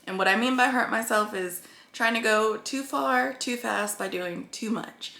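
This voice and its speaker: A woman's voice: a little high, unhurried, vocal fry, sharp tone, echoey room. A woman talking earnestly to her viewers in a rambling vlog about her weight-loss progress. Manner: earnest, rambling, tearful at times. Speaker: vlogger.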